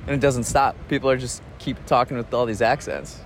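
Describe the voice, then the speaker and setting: A man talking in a casual spoken travel diary, relaxed and reflective, rambling with restarts and soft chuckles. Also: medium pitch, fairly quick, slight background noise. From United States. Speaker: podcast host.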